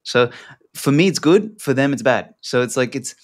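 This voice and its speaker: A man's voice: medium pitch, expressive, normal speed. A man talking as an interview guest, loose and rambling, with lots of fillers and casual swearing. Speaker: podcast guest.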